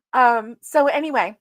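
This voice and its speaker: A woman with a high-pitched voice hosts a casual livestream on a streaming setup, greeting her viewers and rambling along with plenty of fillers. The recording is dry.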